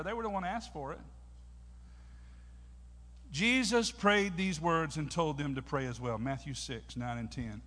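A man preaching a sermon in a church, telling folksy stories and working up the congregation. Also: a little high. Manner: folksy storytelling, preachy and animated. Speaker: pastor. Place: church sanctuary. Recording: long hall reverb.

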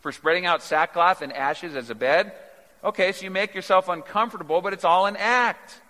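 A man preaching a sermon in a bright, forceful voice. He swings from hushed, low asides to loud, emphatic peaks. The sound rings with the long reverb of a large church hall. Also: normal speed. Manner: dynamic, swings from quiet to emphatic. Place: church sanctuary.

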